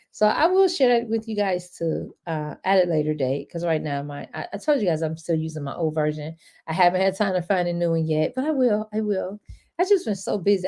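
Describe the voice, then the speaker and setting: A woman's voice: on the low side, dark tone. A woman wealth and credit coach in a casual, rambling live-stream chat, chatty and encouraging toward her viewers.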